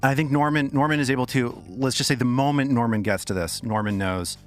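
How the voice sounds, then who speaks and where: A man's voice: medium pitch, a little fast, soft background music. Man narrating as game master. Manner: loose, descriptive narration with restarts.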